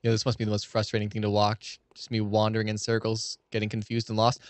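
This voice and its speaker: A man's voice: lowish voice, fast talker, no room sound. A young man rambling and swearing freely through casual commentary while playing a game. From United States. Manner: rambling, profane, excitable ranting. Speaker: let's play streamer.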